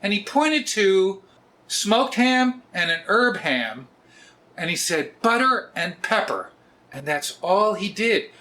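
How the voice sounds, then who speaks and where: A man, hosting a casual cooking vlog in a joking, often loud way. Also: high voice, animated, slow. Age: 60s. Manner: jokey, often laughs and raises his voice. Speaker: cooking video host.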